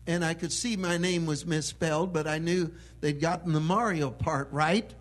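A man preaching a sermon with emphatic delivery that swells into loud proclamation. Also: a little high, steady tone, moderate pace.

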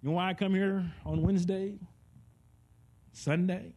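A man preaching a conversational sermon. He is animated and joking, and swings between soft and loud delivery. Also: high-pitched, a little slow.

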